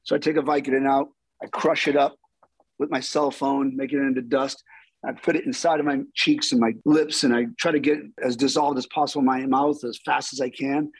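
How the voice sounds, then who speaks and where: A middle-aged man, a stunt performer, telling stories in an interview with lively, acted-out dialogue. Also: mid-range voice, brisk, slightly rough, no echo, rough recording. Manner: animated, acts out quoted dialogue. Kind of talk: storytelling interview.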